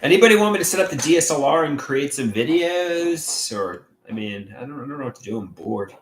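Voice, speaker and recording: A man livestreaming on his own, reading viewer comments aloud and talking in a halting, rambling way with many restarts. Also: mid-range voice, expressive, echoey room, slight background noise. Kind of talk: casual livestream chat.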